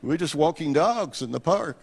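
A man, a missionary telling a story during a sermon in a relaxed, wry manner. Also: on the high side, fairly quick, gravelly, husky, long reverb tail. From South Africa. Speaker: missionary speaker.

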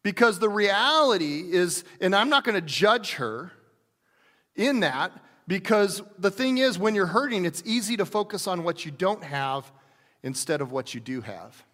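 A man's voice: sits high, sing-song, measured pace, fairly bright tone, in a large hall. A man preaching a sermon as a pastor, talking in a conversational way with restarts and bits of acted speech.

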